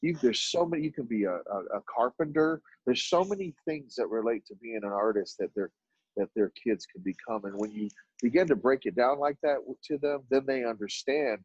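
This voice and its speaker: Husky man telling stories, muffled dry sound. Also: a little fast, no echo. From Oak Cliff, Dallas, Texas. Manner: animated storyteller who acts out dialogue with sudden jumps in pitch. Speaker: podcast guest, artist and business owner. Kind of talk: storytelling in a conversational interview.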